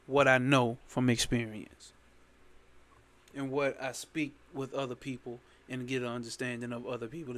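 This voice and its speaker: A man's voice: fairly high pitch, fairly bright tone, clear, resonant tone. A man teaching a spiritual text in a casual, emphatic way, repeating lines and cursing freely. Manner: emphatic, repetitive, sprinkled with profanity. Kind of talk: casual spoken commentary on a scripture.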